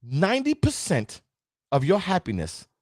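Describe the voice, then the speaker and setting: A man hosting a motivational talk show, speaking straight to his audience with a preachy, animated delivery. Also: fairly high pitch, moderate pace, no room sound, clean studio sound. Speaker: motivational show host and town councilman.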